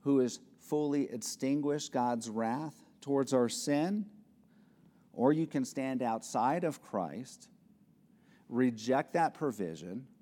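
A man's voice: medium pitch, lively intonation, slow pace, warm tone. A male pastor preaching an expository sermon, earnest and rising to emphatic peaks. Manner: earnest, builds to emphatic peaks, acts out little scenes. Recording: long reverb of a large hall.

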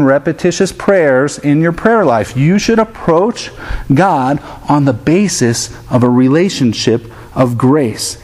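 A man's voice: medium pitch, darkish tone. A man in his thirties preaching a sermon, earnest and direct, now and then acting out his children's voices to make a point. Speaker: pastor.

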